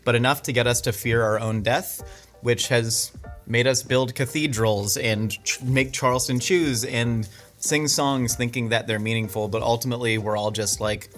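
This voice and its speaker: A man hosts a casual interview, joking playfully and then rambling into long musings. His voice sits at a medium pitch. Light music plays underneath. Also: steady tone, normal speed, fairly bright tone. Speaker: host.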